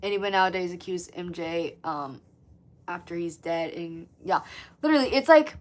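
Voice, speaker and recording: Woman, 20s, livestream host. Casual, profane, animated chat with viewers. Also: on the low side, moderate pace. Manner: chatty, swears often, lots of "like", animated.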